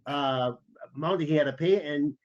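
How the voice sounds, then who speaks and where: A man's voice: on the high side, moderate pace. Man telling travel stories on a dull lo-fi recording. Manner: animated anecdotal storytelling. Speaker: podcast co-host, former intelligence officer. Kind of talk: casual chat.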